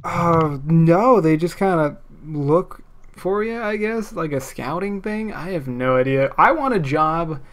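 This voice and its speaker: A man from California chatting casually in an animated, profane way, laughing and swearing often. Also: on the high side, measured pace. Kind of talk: casual chat.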